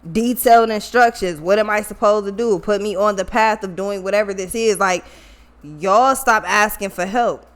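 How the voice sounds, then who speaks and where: A woman with features talks through a tarot reading in a loose, casual way. She is blunt, swears freely and circles back to repeat her point. Her voice sits at an ordinary middle pitch. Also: normal speed. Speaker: tarot reader.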